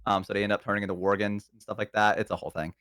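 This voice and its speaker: A man's voice: fairly low pitch, flat delivery, racing, a bit bright, clean tone, no echo. A man chatting casually on a live stream, rambling with many ums and uhs into a close microphone. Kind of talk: casual chat.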